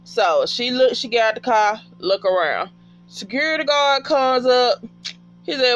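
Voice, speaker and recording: A woman giving a casual TV episode recap in an animated, profane way and talking back to the characters. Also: on the high side, measured pace, dull audio, slight background noise.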